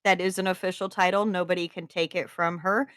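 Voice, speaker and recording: A woman hosting a writing-prompt stream, reading submitted stories aloud in an expressive way. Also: on the low side, brisk, smooth. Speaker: podcast host reading submissions. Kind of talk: livestream story reading.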